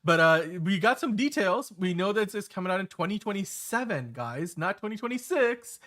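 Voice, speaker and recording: A man's voice: high-pitched, animated, normal speed, a bit bright. A man in his thirties hosting a casual podcast chat, talking in a rambling way with many fillers and restarts. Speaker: show host.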